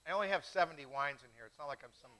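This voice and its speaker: A middle-aged man hosting a live wine tasting, chatty and self-mocking, telling animated stories. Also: fairly high pitch, very fast, poor audio. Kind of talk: casual live-stream chat.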